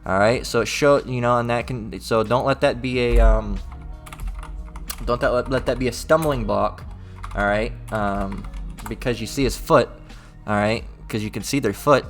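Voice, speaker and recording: With faint music behind him, a religious teacher in a mid-range voice at normal speed moves casually through scripture one verse at a time. He reads the old-style passages with added lift and keeps checking in with listeners, repeating "all right?" after almost every line.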